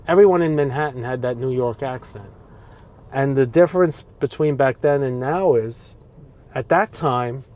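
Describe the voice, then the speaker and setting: A man in his sixties muses aloud from the driver's seat of his car. His voice is mellow and low in brightness, neither high nor low in pitch. He rambles a little, repeating words and trailing off as he reflects. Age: 60s. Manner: rambling, wistful, with fillers and repeats. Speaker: vlogger. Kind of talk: casual reflective talk to camera.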